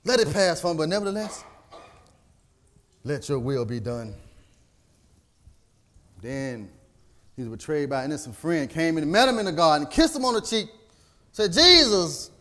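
A man preaching in a high, lifted voice. He reads scripture by chapter and verse, then climbs into near-sung, fervent peaks before dropping low and quiet again. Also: sing-song, normal speed, long pauses. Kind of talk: sermon.

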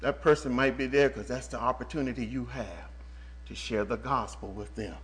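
A man preaching a sermon to his church, animated, stopping the reader to repeat and stress phrases. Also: medium pitch, normal speed, poor audio.

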